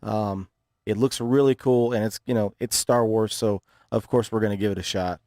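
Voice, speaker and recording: A man's voice: on the low side, fairly even intonation, moderate pace, darkish tone, no echo, clean studio sound. A man hosting a casual talk show, easygoing, steering the talk to the next topic. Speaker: show host. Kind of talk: casual chat. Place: radio studio.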